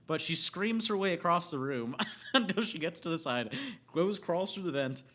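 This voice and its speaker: A man's voice: fairly high pitch, lively intonation, moderate pace, bright, forceful tone. A man giving a casual, rambling, profane film rant, often breaking into laughter. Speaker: movie reviewer.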